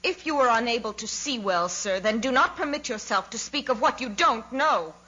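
A woman's voice: mid-range voice, normal speed, fairly bright tone, highs cut off, natural voice. Woman voicing an indignant old general with a choked cry. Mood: furious. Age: over 60. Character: old male Russian commander, emotional, stubborn.

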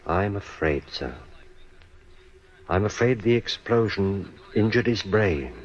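An actor playing a calm, evasive male doctor in an old-time radio drama, reassuring and smooth-spoken, on a dull old recording. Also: lowish voice, slow pace.

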